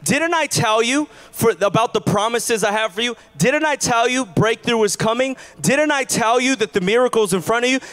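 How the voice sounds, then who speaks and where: A man's voice: very high-pitched, moderate pace, hardly any pauses, fairly bright tone. A man voicing Jesus in a sermon, asking repeated rhetorical questions. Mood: insistent. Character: Jesus, a calm adult man speaking.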